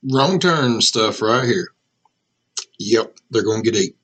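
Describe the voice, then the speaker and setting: Slow, husky man reacting casually. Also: fairly low pitch, low-quality recording. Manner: animated, emphatic asides. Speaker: reaction video host.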